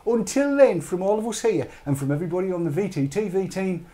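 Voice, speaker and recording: A man's voice: sits high, animated, quick pace, mellow. A British man hosting a live online chat show, rambling and urging viewers on with jokey asides. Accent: British English.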